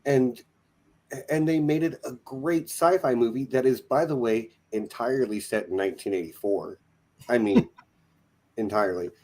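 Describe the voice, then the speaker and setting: Co-host, casual film chat, mid-pitched voice, joking asides. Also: expressive, normal speed, gravelly, a little mellow. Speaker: podcast co-host.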